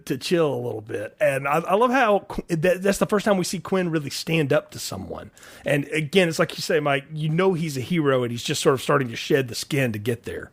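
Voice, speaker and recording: A man's voice: a little high, fairly bright tone. An American man co-hosting a casual movie podcast, joking animatedly and acting out quotes. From United States. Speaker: podcast co-host. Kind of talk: casual movie-review chat.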